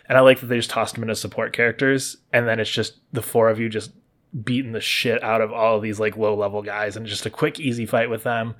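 A man giving a casual spoiler recap of a video game, talking loosely with lots of likes and restarts and jumping into quick voices for the characters. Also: lowish voice. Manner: acts out characters' lines in lively voices.

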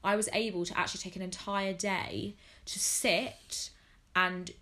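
A woman's voice: medium pitch, steady tone, unhurried, bright, forceful tone. A young woman hosting a podcast, chatting casually with a friend and rambling with lots of "like". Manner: chatty, rambling, heavy use of "like". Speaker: podcast host.

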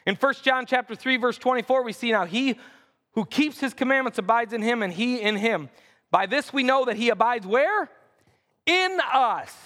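A man's voice: extremely high pitch, a bit bright. A man preaching a sermon as pastor, reading scripture verses aloud and building in intensity as he speaks. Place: church sanctuary. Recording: long reverb of a church hall.

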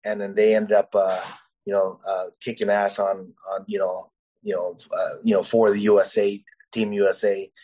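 A man's voice: fairly low pitch, level tone, normal speed, mellow, rough recording. Man, fighter guest, rambling, filler-heavy, casual storytelling.

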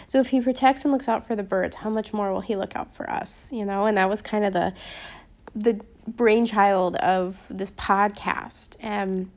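A woman's voice: mid-range voice, steady tone, moderate pace. A young woman hosting a casual Christian podcast, with a slight Upper Midwestern accent, chatty and rambling with many ums and restarts. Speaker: podcast host.

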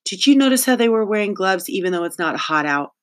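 A blunt young girl in a hurry, talking sharply and a little raised in pitch. A narrator plays her in a storybook reading. She is impatient and direct. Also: animated, fast talker, close to an everyday voice.

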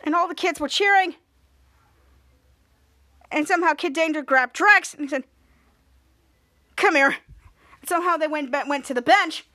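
A woman's voice: high-pitched, moderate pace, pauses often, bright, forceful tone. A woman hosting a podcast, retelling a TV episode in a rambling casual way, often repeating herself. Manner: rambling, repeats "somehow" and "cut to". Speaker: podcast host.

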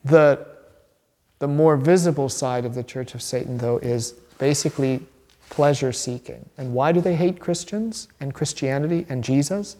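A man, a pastor, teaching a catechism class in a lively, chatty way and asking the group questions. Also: mid-range voice, normal speed, big-room sound.

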